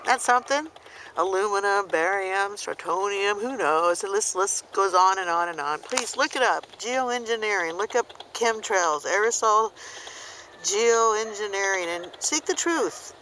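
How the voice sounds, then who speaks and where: A person in their fifties delivers a rambling, impassioned monologue outdoors. The bright, sharp-edged voice is recorded on a handheld camera. The tone stays earnest and preachy, full of restarts. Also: mid-range voice, slight background noise, low-quality recording. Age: 50s. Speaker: activist vlogger. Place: outdoors by a river.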